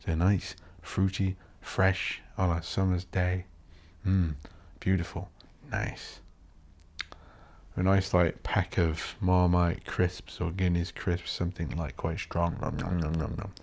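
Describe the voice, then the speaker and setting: A man hosting a solo podcast, rambling bluntly and swearing while he thinks out loud. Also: low-pitched, level tone, slow pace, few pauses. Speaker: podcast host.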